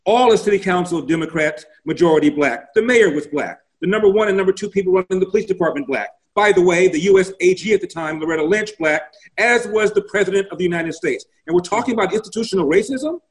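A man's voice: sits high, fast talker, few pauses, poor audio. A man, a guest commentator in a political interview, arguing emphatically and rattling off statistics.

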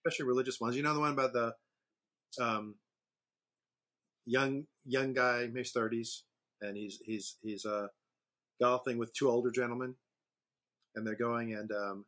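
A man co-hosting a podcast, casually chatting and telling long, rambling jokes. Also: mid-range voice. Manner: relaxed storyteller, drawn-out jokes. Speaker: podcast co-host. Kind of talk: casual chat, joke telling.

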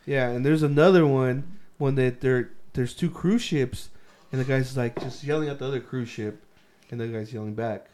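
Give me a relaxed young man casually recounting a funny video. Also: medium pitch, moderate pace. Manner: laid-back, swearing, relaxed retelling. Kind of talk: casual chat.

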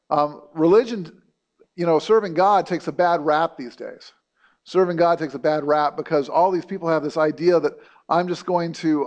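A middle-aged pastor preaches in a casual, talky manner, often circling back with "you know" and repeated words. His voice sits a little high for a man. He sounds like he is speaking straight to his congregation. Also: a little mellow, highs cut off. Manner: conversational, many fillers and restarts. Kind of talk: sermon.

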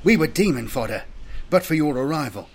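A man's voice: a little high, expressive, a little fast, voice pushed up. A man voicing a fervent young male warrior scout who cries out battle calls with zeal.

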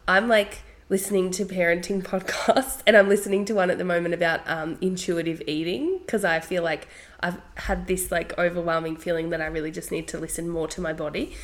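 A woman's voice: fairly low pitch, fairly even intonation, a little fast. A young woman co-hosting a podcast, chatting casually and laughing often as she talks. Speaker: podcast co-host. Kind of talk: casual chat.

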